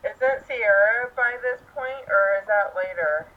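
A young woman co-hosting, mostly giving short replies and asking quick questions. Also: medium pitch. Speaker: podcast co-host. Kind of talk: casual chat. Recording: tinny phone-like line.

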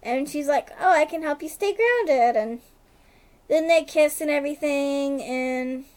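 A woman co-hosting a podcast recaps a TV episode in casual chat, her voice high and bright. She rambles through the plot, stringing events together with "like" and tossing in quick asides.

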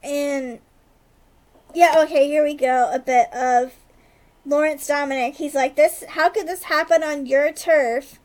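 High-voiced woman in rambling casual chat. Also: steady tone, darkish tone. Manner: rambling retelling, heavy use of "like", quick asides. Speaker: podcast co-host recapping a TV episode.

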